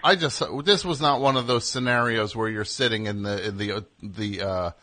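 A man's voice: lowish voice, sharp tone. A man hosting a call-in radio show, talkative and jokey, riffing with a caller. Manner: talkative, jokey, riffs and does quick voices. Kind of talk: casual call-in chat.

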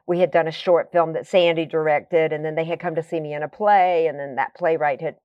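A woman's voice: deep voice, steady tone, fairly quick, dry recording, lo-fi sound. A woman guest telling long, rambling stories in casual conversation, full of fillers and tangents. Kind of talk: conversational storytelling.

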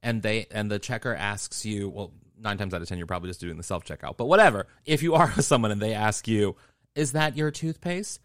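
Smooth-voiced playful man co-hosting. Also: on the low side, lively intonation, quick pace, hardly any pauses, a bit bright, no room sound, clean studio sound. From Missouri. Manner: playful, theatrical. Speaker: podcast co-host. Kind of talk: casual podcast chat.

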